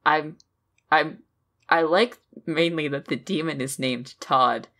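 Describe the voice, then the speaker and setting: Deep-voiced deadpan woman podcast co-host. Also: slow. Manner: deadpan, calm, like a bored radio announcer. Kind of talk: casual comedic banter.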